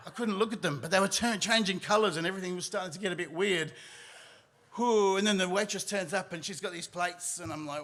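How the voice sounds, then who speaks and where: Bright-voiced man telling a story. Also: high-pitched, brisk. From Australia. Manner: animated, acts out his own panicked voice. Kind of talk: live storytelling on stage. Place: live stage in a hall.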